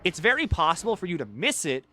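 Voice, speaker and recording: Excitable high-voiced male streamer. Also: quick pace. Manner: rambling, excitable, swears freely. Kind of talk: casual gaming-stream chat.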